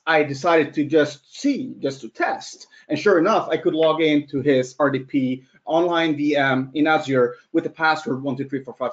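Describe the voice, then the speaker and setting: A man telling a story in a conference talk, animated and acting out quotes. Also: fairly high pitch. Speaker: security presenter. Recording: dull lo-fi sound.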